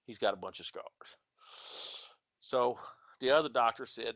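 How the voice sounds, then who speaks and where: Podcast co-host, male, rambling folksy yarn-teller; bright tone, dry muffled recording. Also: mid-range voice, a little slow, no echo. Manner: rambling, folksy, retelling a dad's story with quoted dialogue. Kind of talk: casual storytelling chat. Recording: dull lo-fi podcast audio.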